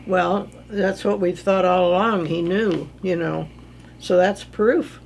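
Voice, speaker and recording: Older woman, radio guest, gravelly, matter-of-fact. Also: on the low side, steady tone, slow, darkish tone, a little hiss or hum. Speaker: guest, former politician. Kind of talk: radio interview answers.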